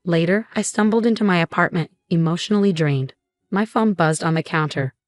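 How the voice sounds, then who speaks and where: A woman reads a first-person story in an even, measured way. Her voice sits a little low, and the recording is dry and close, with no room sound. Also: dry recording. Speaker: narrator.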